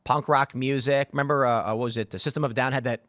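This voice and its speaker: A man in his thirties hosting a casual political talk show, telling stories in an animated way and mimicking the voices of other people. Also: mid-range voice, quick pace, dry recording, clean studio sound. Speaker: podcast host.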